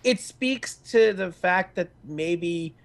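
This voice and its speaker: A man's voice: sits high, animated, takes it slowly, vocal fry. A man co-hosting a casual esports podcast, talking loosely with jokes and crude banter. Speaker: podcast co-host.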